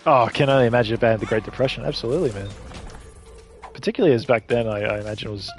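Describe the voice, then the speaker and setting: Faint music plays behind a medium-pitched Australian man who talks at a racing speed. A gaming streamer, he chats casually mid-game, jumping around from point to point and swearing without restraint.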